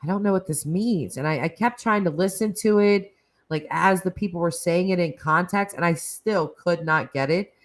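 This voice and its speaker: A woman with a Northeastern American accent hosts a laid-back live chat. Her voice sits low for a woman. She rambles happily, full of "like," "you know" and little laughs. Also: normal speed. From Northeastern United States. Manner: chatty and rambling, frequent "like" and laughs. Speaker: host of live chat stream. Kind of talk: casual live-stream chat with viewers.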